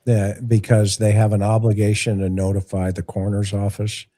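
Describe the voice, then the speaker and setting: Easygoing low-voiced male call-in host. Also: completely flat delivery, moderate pace, warm tone. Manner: easygoing, playful, direct. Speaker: host taking live callers. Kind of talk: live call-in show hosting.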